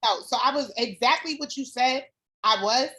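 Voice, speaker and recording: A woman guest telling her own story in a casual chat, candid and animated, swearing freely. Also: high-pitched, normal speed. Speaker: former doula client, guest.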